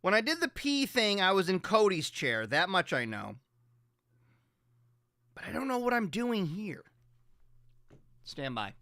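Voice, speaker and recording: A man's voice: sits high, big pitch swings, a little slow, pauses often, pushed and bright, dry recording, clean studio sound. Loose, profane radio host man. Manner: loose, profane, rambling and jokey. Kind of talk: casual chat on a morning radio show. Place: radio studio.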